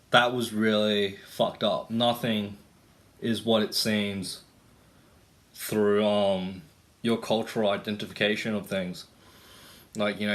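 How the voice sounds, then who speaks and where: Young Australian male vlogger, lowish pitch, rambling profane casual rant full of fillers.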